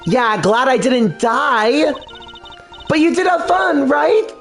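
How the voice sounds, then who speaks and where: A man's voice: very high voice, expressive, slow, fairly bright tone, faint music behind, pitched above the performer's own voice, exaggerated voice. A man voicing a bubbly, lighthearted woman who is an animal tamer in a game dub, in a silly sing-song manner. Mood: gushing.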